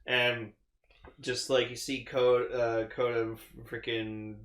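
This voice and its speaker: A young man co-hosting a podcast, recapping an episode in casual chat, excitable, swearing a lot and acting out the characters' lines. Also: medium pitch, slow, echoey room. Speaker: podcast co-host.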